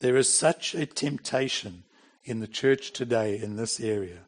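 A man's voice: medium pitch, a little slow, husky. A middle-aged man preaching a sermon in a plain, conversational way, with bursts of emphasis. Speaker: pastor.

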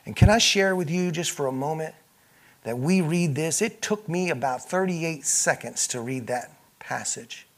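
A male pastor preaching a sermon, moving between loud, emphatic passages and quiet, hushed ones, and voicing the people in the scripture he reads. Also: a little high, lively intonation, normal speed. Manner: acts out speakers in the scripture he reads.

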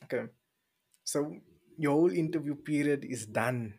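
A man's voice: a little high, moderate pace, vocal fry, a little mellow, slightly rough. A man hosting a podcast, laid-back and teasing, slangy in casual chat. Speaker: podcast host.

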